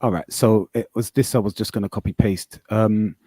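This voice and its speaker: A man's voice: on the low side, fairly even intonation, normal speed, mellow, no room sound. A man on a live podcast call, arguing casually, swearing and reading aloud off his screen. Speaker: podcast host.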